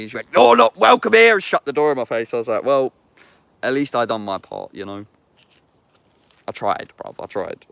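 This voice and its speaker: A man's voice: mid-range voice, clear, resonant tone, no room sound. A man of about thirty, vlogging casually outdoors in the woods, reading scripture aloud and reflecting on it in slangy, sweary street talk. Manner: slangy street talk, swears often, calls the listener "bruv". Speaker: YouTuber.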